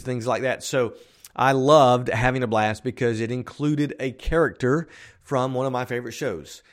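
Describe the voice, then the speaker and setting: A man of ordinary pitch hosts a solo podcast, chatting in a loose, upbeat way. He calls himself an optimist, and he rambles a little, often stopping and starting his sentences. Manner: rambling with frequent restarts and fillers. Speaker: podcast host. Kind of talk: casual solo podcast talk.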